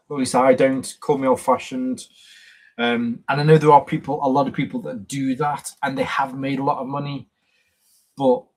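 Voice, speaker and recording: A man's voice: mid-range voice, husky, rough recording. A man hosting a casual live stream, rambling and chatty with plenty of fillers and self-corrections. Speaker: YouTube channel host on a live stream.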